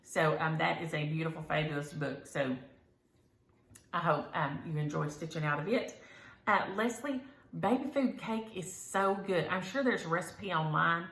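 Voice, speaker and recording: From a room at home, this woman hosts a stitching vlog, speaking at normal speed in a low, slightly bright voice that echoes off the room. Her casual chat to viewers is folksy and rambling, full of ums.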